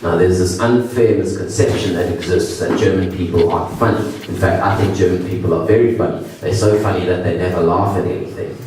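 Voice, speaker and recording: A man's voice: deep voice, sing-song, darkish tone, distant mic, a little hiss or hum. Self-deprecating stand-up man, echoey. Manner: self-deprecating, halting restarts. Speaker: stand-up comedian. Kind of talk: stand-up comedy set. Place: comedy venue with audience. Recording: echoey room from afar.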